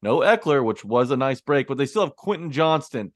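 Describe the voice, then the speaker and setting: A man co-hosting a sports podcast, breaking down a game in a measured, analytical way. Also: mid-range voice, animated, no echo, studio quality. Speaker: podcast co-host.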